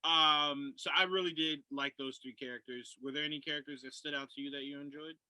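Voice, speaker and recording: A man's voice: fairly high pitch, fairly even intonation, brisk, sharp tone, no echo, poor audio. A man co-hosting a casual podcast film review, enthusiastic and repeating himself as he talks.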